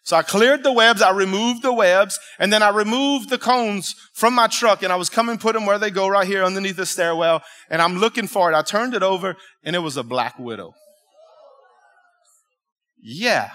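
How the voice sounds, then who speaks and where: Bright, high-voiced preacher. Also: male voice, normal speed. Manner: animated, emphatic, chatty with the congregation. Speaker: pastor. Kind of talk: storytelling sermon. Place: church sanctuary.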